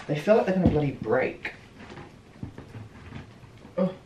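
A young man with a British accent, excitedly unboxing a clothing haul and exclaiming, gasping and laughing often. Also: fairly high pitch, measured pace, muffled recording. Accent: British English. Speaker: fashion vlogger. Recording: echoey room with clear background noise.

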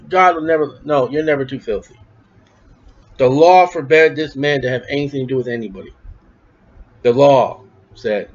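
A man's voice: normal speed, darkish tone, lo-fi sound. A man preaching a sermon in a conversational way, asking and answering his own questions and acting out the voices in the story. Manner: acts out quoted voices with raised pitch.

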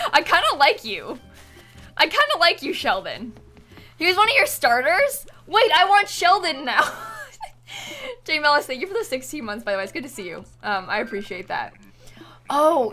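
A woman's voice: fairly high pitch, sharp tone. A young woman chatting on a live stream while gaming, giggly and apologetic, thanking viewers as she plays.

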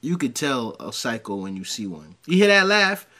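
A man's voice: medium pitch, normal speed, background noise. A middle-aged man, giving casual reaction commentary and telling stories in heavy slang. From New York. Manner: slangy, animated storytelling.

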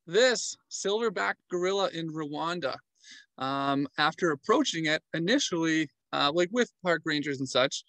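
Animated man telling animal stories. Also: on the high side, no room sound, poor audio. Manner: animated, acts out animal movements and sounds. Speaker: travel vlogger and storyteller. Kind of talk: casual storytelling with animal sound imitations.

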